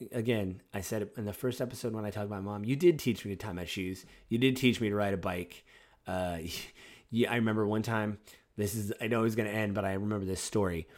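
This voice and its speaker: Low-ish guy in his 40s, talking to his podcast mic, reflective and rambly with lots of uhs. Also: a little mellow. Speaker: podcast host. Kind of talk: personal podcast monologue.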